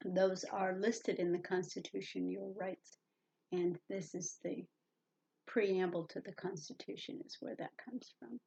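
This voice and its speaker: A woman's voice: lowish voice, fairly even intonation, measured pace, vocal fry, dark tone, dull audio. A woman teaching a reading lesson to young children, patiently spelling out words letter by letter and explaining their meanings.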